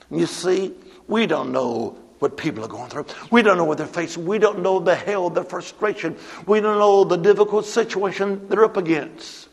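A man preaching a sermon, telling stories with repeated refrains and swinging from booming calls to hushed near-whispers. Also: lively intonation, moderate pace, vocal fry, big-room sound. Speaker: pastor. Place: church sanctuary.

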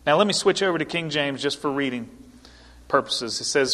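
A man's voice: a little high, lively intonation, brisk, a bit bright. A male pastor preaching an earnest, emphatic sermon to his congregation in a church. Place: church sanctuary. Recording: long hall reverb.

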